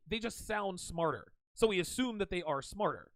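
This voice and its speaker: A man's voice: high-pitched, lively intonation, brisk, vocal fry, hardly any pauses, a bit bright, no echo. A man hosting a reaction commentary show, talking back at a clip in a mocking tone.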